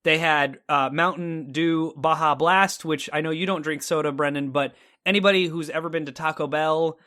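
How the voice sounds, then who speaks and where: A man's voice: fairly high pitch, steady tone, moderate pace, bright, forceful tone. A man from Texas co-hosting a casual talk show, telling a story animatedly and acting out his own reactions. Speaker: podcast co-host.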